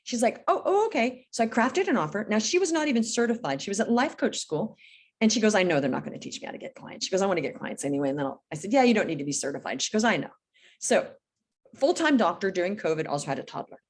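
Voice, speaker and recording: A woman's voice: mid-range voice, big pitch swings, fast, husky. Blunt, emphatic middle-aged businesswoman. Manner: emphatic, blunt, acts out dialogue. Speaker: business coach guest. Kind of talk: casual podcast interview storytelling.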